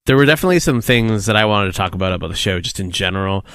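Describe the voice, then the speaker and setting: Lively, lower-voiced man podcast host. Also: rapid-fire, clear, resonant tone, dry recording. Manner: swearing, rambling, leads topics. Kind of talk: casual chat.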